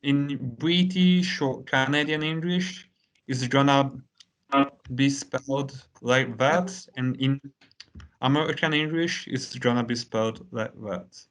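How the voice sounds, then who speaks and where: A man whose first language is Italian, teaching an English lesson in a relaxed conversational way with lots of fillers. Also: medium pitch. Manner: unhurried, many "you know" fillers.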